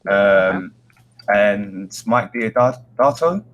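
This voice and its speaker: A man's voice: on the low side, very slow, muffled recording, crowd noise. A man, co-hosting a casual comics chat and talking hesitantly, with many ums and restarts. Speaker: podcast co-host.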